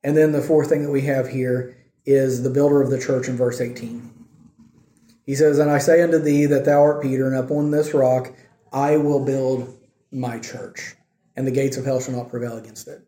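A man's voice: medium pitch, fairly even intonation, fairly quick, dark tone. A man preaching a sermon in a conversational teaching style, often checking in with his listeners. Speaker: pastor. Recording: echoey room.

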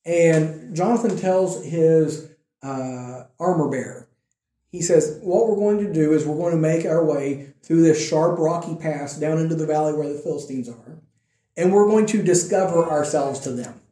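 A male preacher retelling a scripture story in a relaxed, conversational way, his voice pitched a little high but mellow in tone. He bursts into lively quoted lines as he tells it. The room around him is echoey. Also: normal speed. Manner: animated storytelling, acting out the quotes. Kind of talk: conversational sermon.

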